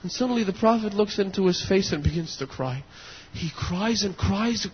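A male preacher delivering a sermon, moving between hushed storytelling and impassioned near-shouting, with a husky voice. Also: high-pitched, animated, moderate pace, few pauses. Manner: impassioned, builds to near shouts and weeping intensity. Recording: dull lo-fi audio in a long-reverb hall.

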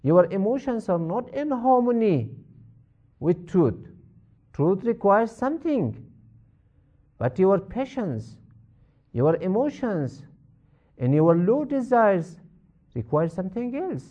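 Male religious teacher, unhurried and lively in pitch, restates every point. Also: lo-fi sound. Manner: measured, repeats points for emphasis. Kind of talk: explaining a Quran verse in a lecture.

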